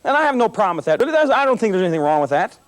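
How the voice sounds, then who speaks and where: Speaking very fast in a high-pitched voice, a middle-aged policeman addresses students at a school assembly with a motivational talk. He brings his stories to life, acting out the scenes humorously like a lively storyteller.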